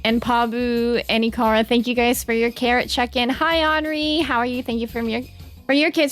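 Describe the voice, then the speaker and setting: Bubbly high-voiced Southern woman streamer. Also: unhurried, fairly bright tone, soft background music. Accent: Southern American. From American South. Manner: bubbly, chatty, dramatic pitch swings. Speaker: VTuber streamer reading chat. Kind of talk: casual live-stream chat.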